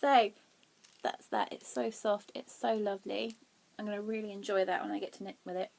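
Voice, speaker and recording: A young woman hosting a knitting podcast, chatting casually and excitably, laughing at herself as she shows her yarn. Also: medium pitch, fairly quick, gravelly. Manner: excitable, giggly, self-deprecating.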